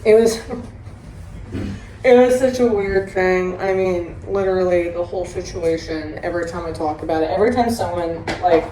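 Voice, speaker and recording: A woman's voice: lowish voice, moderate pace. Blunt, profane woman in an echoey room. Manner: blunt, profane and animated storytelling. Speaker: podcast host. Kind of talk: candid recovery chat. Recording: roomy echo with faint hiss.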